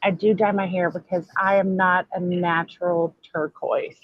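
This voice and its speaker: A woman's voice: on the low side, level tone, normal speed, dry recording. A woman from Texas chatting casually in a sassy, brash way, swearing freely. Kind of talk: casual chat. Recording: dull, dry sound.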